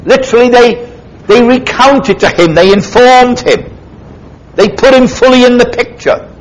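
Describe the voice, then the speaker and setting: On a rough recording, a man preaches an expository sermon a little slowly, retelling a parable with emphatic drama and sweeping swings in pitch.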